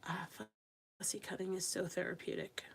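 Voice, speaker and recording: Hosting a live craft stream, a woman with young children chats casually and reads viewer comments aloud while she works. She speaks at normal speed with a fairly low, flat, slightly rough voice and vocal fry.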